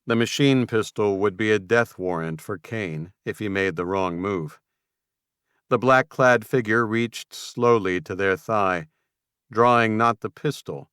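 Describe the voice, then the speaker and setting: A man narrating a post-apocalyptic audiobook in a measured, even storytelling manner. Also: on the low side, clear, resonant tone, no echo, clean studio sound. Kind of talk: scripted narration.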